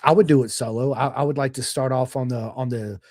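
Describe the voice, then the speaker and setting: A man telling stories in a casual podcast chat, swearing freely and talking with animated energy. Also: mid-range voice, brisk, no echo, clean studio sound. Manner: profane, animated storytelling.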